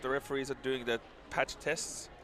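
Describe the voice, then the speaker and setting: A man's voice: mid-range voice, moderate pace, background noise. A man giving live ice hockey color commentary from the gantry, bantering and laughing. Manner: lively, laughs a lot, banter.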